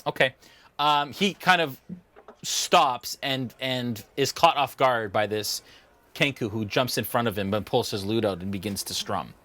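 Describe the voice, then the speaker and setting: A man's voice: medium pitch, unhurried, pushed and bright. A man narrating and ruling as dungeon master of a tabletop game, laughing often.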